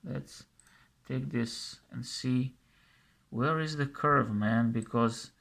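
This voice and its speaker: A man's voice: medium pitch, slow, gravelly, a bit bright. A man commenting scornfully over a video he plays, mocking and scolding its makers and often repeating himself.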